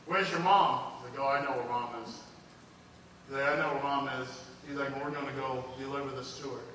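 Preacher, male, bright sharp voice, off-mic in a big reverberant church, loud and quiet by turns. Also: a little high, a little hiss or hum. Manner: swings from loud emphatic preaching to hushed quoted dialogue. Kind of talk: sermon storytelling. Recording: echoey hall from far off, faint ambience.

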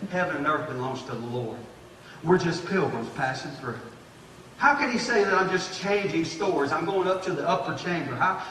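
A man preaching a sermon as pastor, rising to emphatic bursts and slowing down to draw out scripture verses. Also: a little high, a bit bright, a little hiss or hum. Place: church sanctuary. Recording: echoey church hall, distant mic.

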